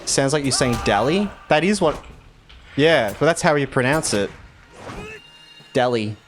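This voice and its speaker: A man's voice: on the high side, animated, moderate pace, slight background noise. A man with an Australian accent from Victoria, chatting casually with viewers while streaming a game. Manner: rambling, chatty, laughs easily.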